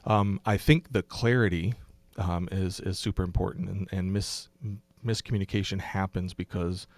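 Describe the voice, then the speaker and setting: A middle-aged man, a pastor, explaining his ideas in a relaxed podcast conversation, thinking aloud with ums and restarts. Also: sits low, normal speed, no room sound. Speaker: pastor and guest.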